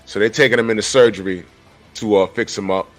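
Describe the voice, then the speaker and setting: A man in his forties giving animated, casual commentary on a comic book, talking straight to his viewers. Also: fairly low pitch, fast, faint music behind. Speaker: comic book reviewer and artist.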